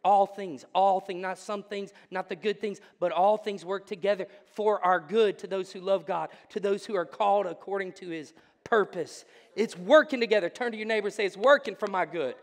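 High-voiced preacher in a reverberant church. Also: male voice, fairly even intonation, moderate pace, few pauses. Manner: swings between hushed intensity and loud exclamation. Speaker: pastor. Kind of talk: sermon. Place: church sanctuary.

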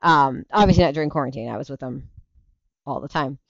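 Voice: mid-range voice, brisk, gravelly, no echo, lo-fi sound. Tired, rambling parent hosting a stream. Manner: rambling, chatty, self-interrupting, laughs easily. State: tired, yawning. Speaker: livestream show host; parent of young kids. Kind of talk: casual livestream chat answering viewer comments.

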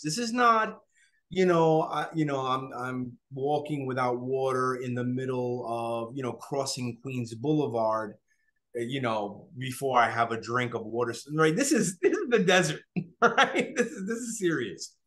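In an online class for remote listeners, a man with a fairly high-pitched voice teaches a Bible study with lots of animation. He keeps checking in with his audience and acts out what people would say.

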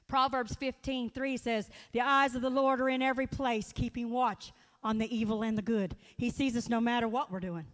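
Earnest high-voiced woman preaching in a hall. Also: moderate pace. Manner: folksy, earnest, storytelling with direct appeals. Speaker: guest speaker at church. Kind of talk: sermon. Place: church sanctuary. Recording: long hall reverb.

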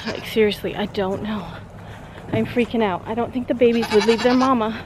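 A woman's voice: a little high, fairly quick. Chatty woman vlogging outdoors. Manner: chatty, animated, talks straight to viewers. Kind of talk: casual vlog chat to camera. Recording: noisy outdoor camera audio.

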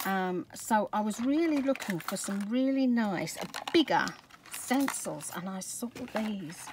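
Woman, Scottish accent, middle-aged, excitable unboxing chat, soft whispers, noisy background. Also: medium pitch, a little slow. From Scotland. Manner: gushing, excitable, drops to soft whispers over items. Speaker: craft vlogger. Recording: background noise with crinkling packaging.

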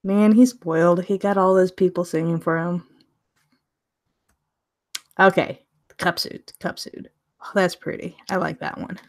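A woman's voice: on the low side, fairly even intonation, a little slow, long pauses, a little mellow. A woman casually reviewing a tarot deck on a live stream, chatting and laughing often as she gushes over the cards.

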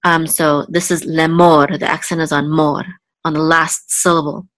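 A woman's voice: sits low, level tone, moderate pace, a bit bright, no echo. A woman teaching a live online Hebrew lesson, going word by word and checking in with "okay?". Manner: patient, repeats words, checks in with "okay?". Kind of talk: slow step-by-step language lesson.

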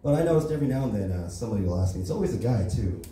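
A man's voice: lowish voice, lively intonation, racing, dark tone, distant mic, a little hiss or hum. A man from the Los Angeles area doing a stand-up comedy set, telling profane stories casually with lots of "right?" tags. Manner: casual, profane storytelling with many tag questions. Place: comedy club stage. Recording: echoey room, mic from afar.

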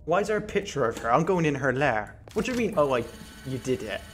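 Panicky, lively-voiced streamer man. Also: medium pitch, fast talker, background noise. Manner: excitable, panicky yelps and laughs at the game. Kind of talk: live gameplay commentary. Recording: game music loud behind voice.

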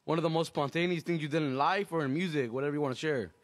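Relaxed man hosting a radio show, casual chat, voice sits a little high. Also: racing. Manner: laid-back, laughs often, gives shout-outs. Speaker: show host.

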